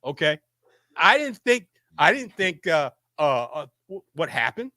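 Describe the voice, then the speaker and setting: A sports show host argues heatedly toward a camera, insisting on his point, repeating himself, and stammering as he restarts sentences. His voice is on the high side and very animated but unhurried, with a sharp tone and no echo.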